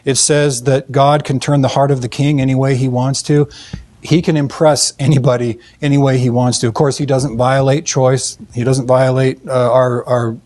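A man telling a faith testimony in an earnest, halting way, with many fillers and restarts. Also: mid-range voice, flat delivery, darkish tone. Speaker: Christian speaker telling a testimony. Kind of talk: storytelling testimony.

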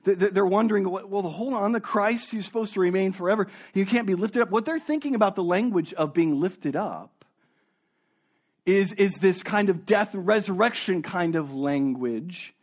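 The pastor's sermon is earnest and expressive, delivered at a moderate pace. He sinks into a soft, low register for emphasis and often repeats words as he searches for them.

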